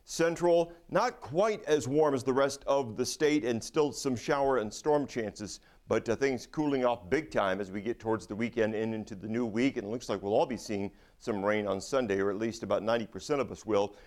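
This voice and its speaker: A man's voice: medium pitch, moderate pace, few pauses, a little mellow. A man giving a conversational weather forecast, with a few fillers.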